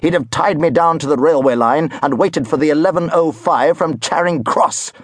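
A man's voice: on the high side, normal speed, no room sound, clean studio sound, voice pushed up, natural voice. A man reading an audiobook voices a pompous, angry middle-aged father who moans self-pityingly. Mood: moaning.

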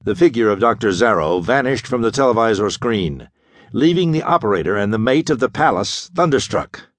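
A man's voice: fairly low pitch, sing-song, brisk, no echo. A man narrating a classic pulp sci-fi audiobook in a dramatic, vivid storytelling manner.

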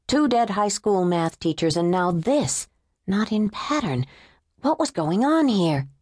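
A woman narrating an unabridged thriller audiobook in a measured, tense storytelling manner. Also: medium pitch, big pitch swings, a little mellow, no room sound, clean studio sound. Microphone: close studio mic.

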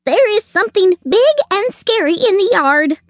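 A woman's voice: sits high, sing-song, slow, dry recording, clean studio sound, pitched above the performer's own voice, heavily acted. A woman voicing a panicky, out-of-breath male squirrel who shrieks his words in a storybook. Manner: frantic, shrieking repeats.

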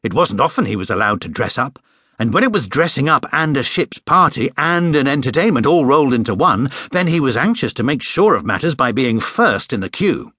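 A man narrating a children's story in an audiobook, in a warm, measured storytelling manner, recorded on a close studio mic. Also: mid-range voice, sing-song, slightly rough, no echo.

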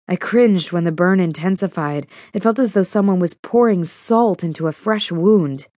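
A woman narrating a first-person audiobook in a steady, even storytelling manner. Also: lowish voice, normal speed, hardly any pauses, no echo, studio quality.

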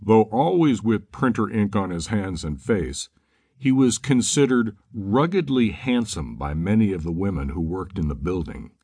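Male audiobook narrator, low, steady reading, close dry studio mic. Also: slightly rough, no room sound. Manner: measured, steady storytelling. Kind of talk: scripted narration.

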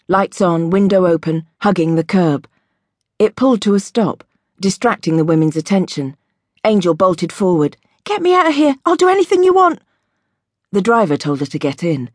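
A woman reading an audiobook in a measured, vivid storytelling voice. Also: lowish voice, a little mellow, dry recording, clean studio sound. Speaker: audiobook narrator. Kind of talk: scripted audiobook narration.

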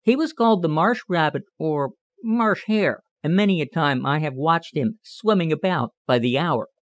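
A sharp, scolding little lady wren, as a male narrator puts her on for a storybook, raised high in pitch and full of brisk, teasing lectures. The sound is dry and a little muffled. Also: lively intonation, no room sound, lightly acted. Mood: earnest. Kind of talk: audiobook character reading.

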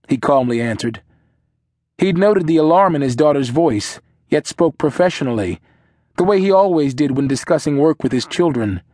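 Male audiobook narrator, measured, steady, slightly high voice, dry close studio sound. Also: no room sound. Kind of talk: scripted narration.

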